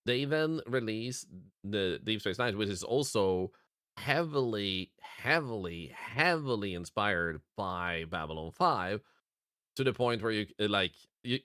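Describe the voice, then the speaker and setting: A man's voice: fairly low pitch, sharp tone, clear, resonant tone, no echo, studio quality. A young man chatting casually on a co-stream, rambling and laughing often, talking into his streaming microphone.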